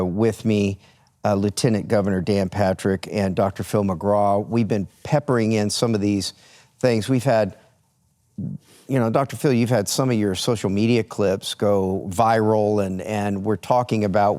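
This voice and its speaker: Male host, lowish voice, chatty storyteller with stumbles and restarts. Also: darkish tone. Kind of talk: casual studio talk show.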